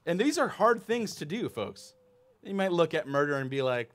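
A pastor in his thirties delivers a sermon in church, speaking in a fairly high voice at a moderate pace. He is animated and conversational and often puts questions to the congregation.

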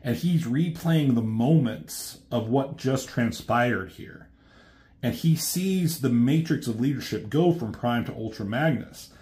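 A man's voice: mid-range voice, animated, unhurried, warm tone. Man, reviewer, casual retelling, rambling, offhand, swears.

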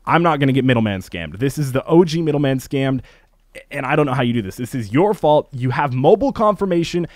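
A man rants in a loose, animated way as a gaming YouTuber, laughing and swearing between points. His voice sits at an ordinary middle pitch. The recording is dry and close, with no room sound. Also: fast, no room sound. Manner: animated, laughs often, swears, acts out quoted scammers. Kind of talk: casual ranting commentary.

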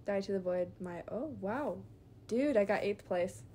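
Excitable young woman gamer, lively pitch. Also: unhurried. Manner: excitable, swings from muttering to shouting. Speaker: gaming video creator. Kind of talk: casual gameplay commentary.

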